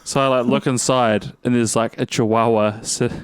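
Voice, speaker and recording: A man's voice: mid-range voice, moderate pace, smooth, dry recording. New man telling a story. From New Zealand. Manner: animated storyteller, acts out the people he quotes. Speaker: podcast co-host. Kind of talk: casual chat.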